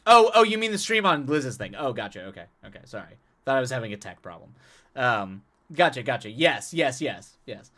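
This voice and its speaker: A man's voice: medium pitch, sing-song, fairly quick, pushed and bright. A man talking casually as a live streamer, chatting with viewers, often laughing and repeating words as he restarts his sentences.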